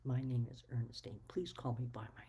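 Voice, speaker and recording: A woman speaks candidly to her viewers in a casual monologue. Her voice sits low and mellow, with a husky edge. She is blunt and emphatic and curses freely as she makes her case. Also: fairly quick, low-quality recording. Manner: blunt, frank, swears freely; firm and emphatic. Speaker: vlogger.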